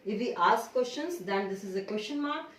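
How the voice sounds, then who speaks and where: A woman's voice: medium pitch, expressive, normal speed, a little hiss or hum. A woman teacher with an Indian English accent gives a grammar lesson, explaining patiently and often checking in with "okay" and "right?". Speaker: school teacher. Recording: echoey room, far from mic.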